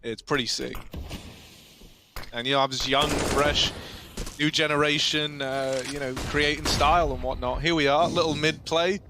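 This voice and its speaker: A man commentating an esports match, jokey and quick to yell at tense plays. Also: on the high side, steady tone, noisy background. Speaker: esports caster.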